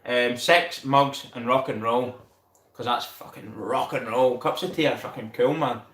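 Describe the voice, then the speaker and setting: A man chatting excitedly on a live stream, swearing freely and laughing often. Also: mid-range voice, a little slow. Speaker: livestream host. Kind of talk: casual live-stream chat. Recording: roomy echo.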